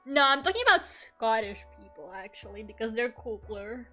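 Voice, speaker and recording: A woman's voice: on the high side, slow pace, long pauses, fairly bright tone, slightly rough, soft background music. A young woman streaming her art, chatting casually and rambling, laughing often and swearing freely. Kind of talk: casual chat while drawing.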